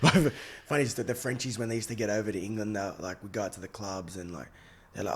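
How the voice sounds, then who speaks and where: A man's voice: fairly low pitch, steady tone, quick pace, husky. An Australian man in his thirties, a podcast guest telling stories in casual, slangy chat and laughing often. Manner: laid-back storytelling, slangy, laughs often. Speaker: podcast guest, former rugby league player.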